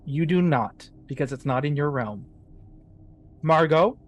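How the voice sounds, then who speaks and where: A man running a tabletop horror game as game master, narrating scenes slowly for suspense. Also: fairly high pitch, lively intonation, slight background noise.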